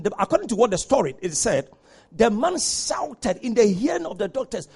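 Male preacher, high and animated, husky tone, fiery sermon delivery. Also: a little fast, slight background noise. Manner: impassioned preaching, swings from hushed to shouting. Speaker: pastor.

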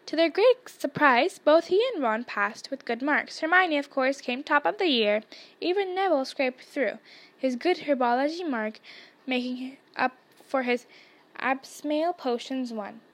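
High-voiced woman reading a storybook. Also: animated, a little slow. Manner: reads the story aloud, small shifts for dialogue. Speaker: narrator. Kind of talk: storybook read-aloud.

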